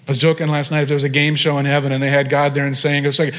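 Male pastor mid-sermon, animated delivery, drawn-out emphasis, ringing church reverb. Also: on the high side. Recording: long hall reverb.

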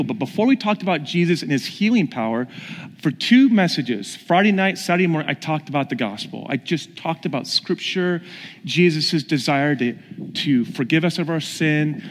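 A man preaching a sermon, telling stories and putting questions to his congregation. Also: fairly high pitch. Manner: storytelling, questions the audience. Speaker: pastor. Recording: long hall reverb.

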